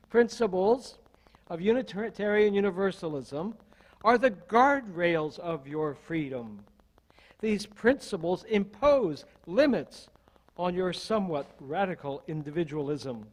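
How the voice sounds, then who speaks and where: An older man, an associate minister, delivering a sermon in a measured, deliberate way with strings of rhetorical questions. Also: high-pitched, poor audio.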